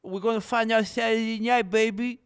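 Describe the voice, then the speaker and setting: A loud, drawn-out fight promo call in a voice pitched well above the speaker's own. A man puts on a fighter's hype impression, stretching every word like a broadcast drop. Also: steady tone, clean tone, dry recording, studio quality. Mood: hyped. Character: impression of a male fighter hyping a bout.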